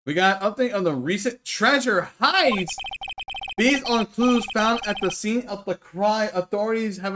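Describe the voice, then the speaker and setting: A streamer reads a game's dialogue aloud, taking every part in their own voice and cutting in with asides. The pitch swings lively through the lines, at a middling level overall. Game music plays clearly underneath. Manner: reads every character's lines in one animated voice and breaks off for asides. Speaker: let's play streamer.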